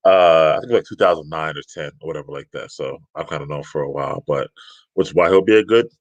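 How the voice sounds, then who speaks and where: Deep man, dry sound, relaxed agreeable chat. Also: fast, no room sound, muffled recording. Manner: laid-back, agreeable, laughs often. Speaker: podcast co-host. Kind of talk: casual chat.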